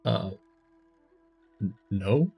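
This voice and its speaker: A man running a tabletop game as dungeon master, talking in a relaxed, rambling way with many fillers. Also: lowish voice, drawn-out words, creaky, husky, lo-fi sound, soft background music.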